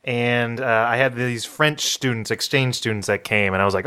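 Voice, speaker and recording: A man's voice: mid-range voice, moderate pace, pushed and bright, clean tone. A man hosting a podcast interview, laughing often and telling stories animatedly. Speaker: podcast host. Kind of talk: casual interview chat.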